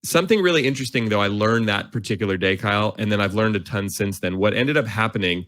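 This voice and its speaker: A man in his forties, an author and guest, telling an animated, self-mocking story and acting out his inner voice. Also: on the low side, fast. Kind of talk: storytelling in a conversation.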